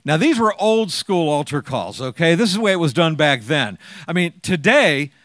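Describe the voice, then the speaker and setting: A man's voice: fairly high pitch, big pitch swings, normal speed, fairly bright tone, no echo, studio quality. A man in his sixties sharing his personal testimony with an audience, as a chatty, joking storyteller who acts out the lines he quotes.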